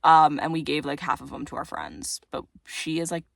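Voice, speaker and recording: A woman's voice: sits low, steady tone, moderate pace, vocal fry, fairly bright tone, no room sound, studio quality. A teenage girl chatting casually to her viewers about books, rambling and self-deprecating, full of fillers, with a voice that cracks. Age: teens. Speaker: book vlogger. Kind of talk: casual chat to camera.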